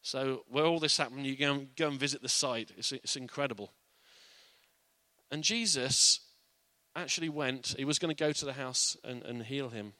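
Man, earnest Bible teacher, conversational, bright tone, dry close sound. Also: mid-range voice, normal speed, no echo.

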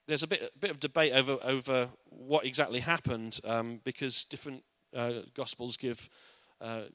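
A man's voice: medium pitch, fairly even intonation, moderate pace, pushed and bright, dry recording. A man giving an informal, earnest Bible teaching in a conversational way.

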